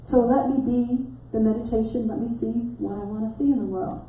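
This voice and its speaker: A middle-aged woman minister tells a story in a sermon in a church sanctuary, animatedly acting out what people said and laughing often. Her voice is fairly high and fairly quick. An echoey hall mic records her from a distance, with a little hiss or hum.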